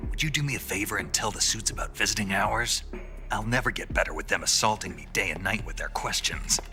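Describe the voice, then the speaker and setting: An actor playing a gruff, irritated soldier lying in a hospital bed, over game cutscene music. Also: male voice, on the low side, brisk, lightly acted.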